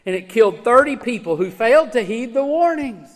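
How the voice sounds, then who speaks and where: A man preaching a sermon as pastor, emphatic, swinging from loud urging to hushed low tones. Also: expressive, fairly quick. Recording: church hall with long reverb.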